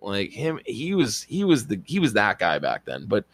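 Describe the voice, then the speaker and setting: A man telling a rambling, excitable story as a podcast co-host, swearing casually. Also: on the low side, normal speed, slightly rough, dry recording. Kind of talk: casual chat.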